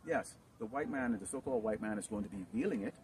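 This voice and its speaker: A man preaching in a rambling, improvised sermon, filling his talk with "okay?" and "you know" and swinging into loud outbursts. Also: lowish voice, fast. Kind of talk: improvised street-camp sermon. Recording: distant mic with noisy background.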